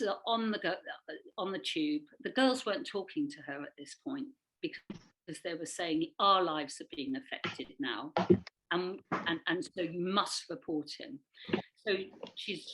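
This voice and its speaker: A woman with a low voice gives a personal account at a webinar. She speaks haltingly, pausing often, filling gaps with "uh" and restarting her sentences. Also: fairly bright tone, low-quality recording. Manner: halting, with many fillers and restarts. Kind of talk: personal testimony.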